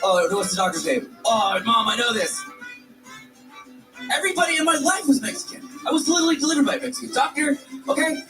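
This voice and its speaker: A young man with a very high, lively voice rants and shouts with plenty of swearing on a rowdy livestream. He sounds a little away from the mic. Loud music plays under him. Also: quick pace, far from the mic, rough recording. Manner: loud, profane, ranting and shouting. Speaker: livestream co-host.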